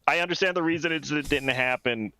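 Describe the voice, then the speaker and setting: A man's voice: fairly high pitch, quick pace, pushed and bright, clean tone, dry recording. A man co-hosting a casual podcast chat, earnest and teasing. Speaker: podcast co-host.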